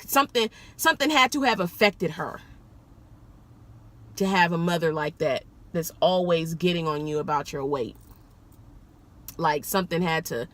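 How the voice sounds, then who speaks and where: A woman rideshare driver telling a story in a casual vlog, animated and profane, jumping up high when she makes a point.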